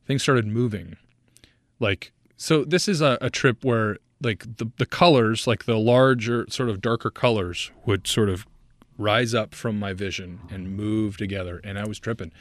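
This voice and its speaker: A man's voice: lowish voice, dry recording, clean studio sound. A man co-hosting a podcast, telling a story in a loose, chatty way, full of fillers and acting out the people in it. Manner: animated, lots of "like", acts out voices in his story. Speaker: podcast guest host. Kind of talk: casual storytelling in a podcast chat.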